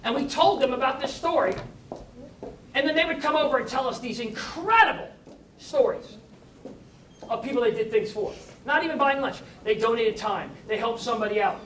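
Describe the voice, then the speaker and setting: A man telling a story as a motivational speaker, animated and rising to high bursts of excitement. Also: moderate pace, roomy sound, far from the mic, a little hiss or hum. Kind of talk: storytelling talk.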